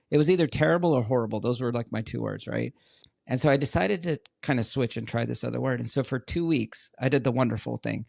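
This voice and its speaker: A man's voice: mid-range voice, fast, gravelly, a little mellow, dry recording, clean studio sound. A middle-aged man, a podcast guest, chatting casually and telling stories earnestly, repeating words for emphasis. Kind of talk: casual interview chat.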